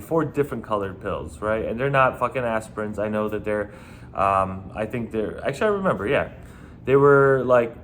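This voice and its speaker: A former bouncer tells stories in a low male voice, casual and rambling. His delivery is emphatic and full of swearing. Faint noise hums behind him. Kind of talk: casual storytelling.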